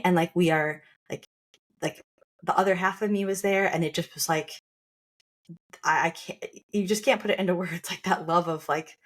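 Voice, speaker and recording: A young woman hosting a podcast tells a personal story in a relaxed, chatty way. Her voice sits slightly low, and she keeps breaking into quoted asides and casual fillers. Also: fairly quick. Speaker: podcast host sharing her birth story.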